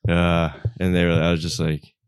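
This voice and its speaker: A man's voice: low-pitched, moderate pace, clear, resonant tone, no room sound, clean studio sound. A man telling a story on a podcast, acting out the lines of the people in it and laughing as he goes. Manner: animated storyteller who acts out quoted exchanges, laughing often. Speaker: comedian guest.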